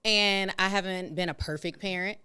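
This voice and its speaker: A woman in her thirties, a podcast guest, chatting openly and laughing often, her voice jumping up when excited. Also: moderate pace, clean tone. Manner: open, laughing, jumps high when excited. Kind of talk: casual podcast chat.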